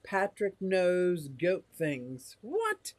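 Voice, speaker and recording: A man's voice: high-pitched, huge pitch swings, drawn-out words, no echo. An older man live-streaming from his fish room, rambling casually and reading comments from the chat aloud.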